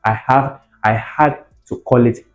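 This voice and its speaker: Slow-talking teacher. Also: male voice, mid-range voice, steady tone. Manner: repeats sounds and words for drilling, checks on the viewer. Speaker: English teacher. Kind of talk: exam-prep phonetics lesson. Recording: roomy echo with faint music.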